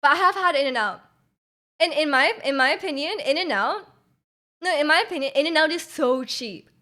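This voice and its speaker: A woman's voice: high-pitched, expressive, moderate pace, sharp tone. Chatty Canadian woman streamer. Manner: chatty, many fillers and restarts, laughs often. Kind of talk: casual chat with viewers. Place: home room.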